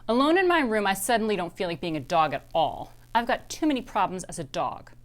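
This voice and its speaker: A woman reading a children's chapter book aloud, expressive in her delivery. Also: mid-range voice, brisk. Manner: expressive, animated. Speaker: reader.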